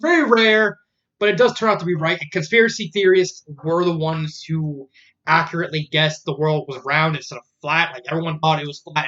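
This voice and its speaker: A man's voice: on the high side, bright, forceful tone, muffled recording. A man casually reviewing a fan story, rambling with many fillers and restarts. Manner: rambling, filler-heavy retelling.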